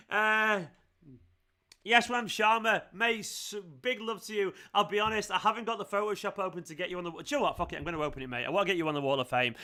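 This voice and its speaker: Excitable young man with a bright voice. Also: high voice, fast talker. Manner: excitable, emphatic, repeats himself. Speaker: fan channel host. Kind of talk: live stream chat.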